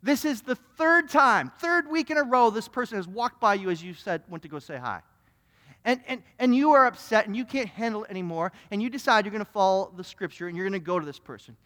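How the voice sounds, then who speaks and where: High-voiced man preaching in a hall. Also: animated, a little fast, bright, forceful tone. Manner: repetitive restarts, acting out little scenes. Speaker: pastor. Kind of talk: sermon. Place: church sanctuary. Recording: long reverb in a church hall.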